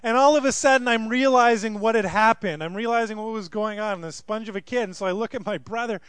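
High-voiced, chatty male pastor. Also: a little fast, fairly bright tone, smooth, dry recording. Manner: conversational, humorous storytelling. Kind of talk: sermon with storytelling. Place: in front of a live congregation.

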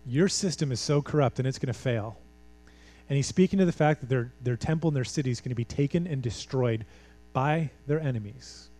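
A man's voice: medium pitch, brisk, dark tone. A man preaching a sermon in a church, talking conversationally, pressing his points with emphasis and rhetorical questions. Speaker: pastor.

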